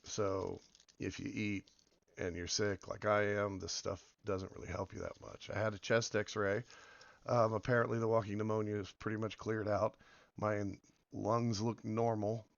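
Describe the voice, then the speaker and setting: Hoarse guy rambling about a game, low flat voice, dry muffled mic. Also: moderate pace, no room sound. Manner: rambling, meandering, many fillers. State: hoarse from illness. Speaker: game video host. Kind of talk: casual gameplay commentary.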